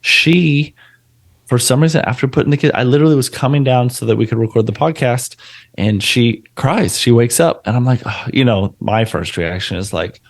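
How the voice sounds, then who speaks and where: A man in his thirties co-hosts a podcast, chatting casually as he tells family stories and acts out the quotes with animated flair. His voice sits at a medium pitch and moves at a normal speed.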